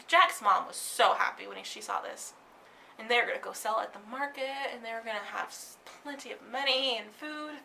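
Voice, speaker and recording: Bright-voiced woman telling a fairy tale. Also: a little high, gravelly. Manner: animated, dropping to whispers for suspense. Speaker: storyteller.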